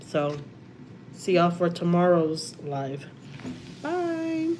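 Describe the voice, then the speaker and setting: A chatty woman with a Texan accent talks to her viewers on a home livestream and answers their comments. Her voice sits a little low for a woman. A faint hiss runs under the recording. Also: moderate pace, darkish tone. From Houston, Texas. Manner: chatty, reads out viewer comments, says y'all often. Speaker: livestream host. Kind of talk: casual live-stream chat.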